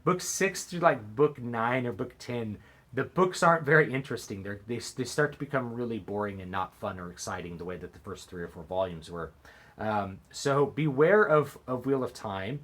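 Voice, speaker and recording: Expressive and a bit bright, a man's mid-range voice moves at normal speed as he casually recommends books to camera. This author and book vlogger is hesitant, with frequent fillers and restarts.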